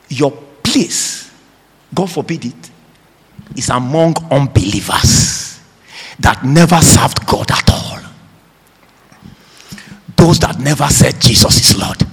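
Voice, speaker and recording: A man delivers a sermon in a high, husky voice that leaps wildly in pitch. He drives each phrase slowly, shouting some lines and dropping to a hush on others, and calls on the congregation to answer him. His voice rings out with a long reverb from the hall. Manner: emphatic, swings between shouting and hushed tones. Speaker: preacher.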